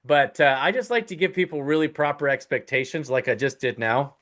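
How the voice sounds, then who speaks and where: A man's voice: a little high, fairly quick, a bit bright. A man hosting and teaching a live webinar in a casual, conversational way. He gives emphatic, direct advice and keeps checking in with his listeners. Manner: casual, conversational, with frequent "right?" check-ins. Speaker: host teaching real estate investing.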